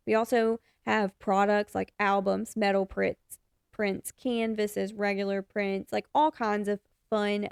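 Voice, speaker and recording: A woman's voice: mid-range voice, vocal fry, darkish tone, no echo, clean studio sound. A young adult woman hosting a podcast, giving frank, encouraging advice in a casual way and swearing now and then. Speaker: podcast host and photographer.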